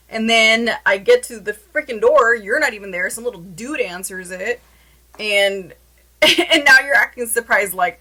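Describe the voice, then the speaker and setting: A young woman telling a story to her camera in a casual, animated way, with many "like" fillers. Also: on the high side, moderate pace, soft background music, low-quality recording. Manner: chatty, animated, lots of "like" fillers.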